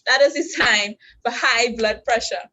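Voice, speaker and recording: A woman with a Trinidadian accent, her voice sitting a little high. She walks listeners through simple hand signs, step by step, with patient, clear instruction. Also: unhurried, pushed and bright, poor audio. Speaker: sign language instructor. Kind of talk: teaching a class. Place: university orientation session.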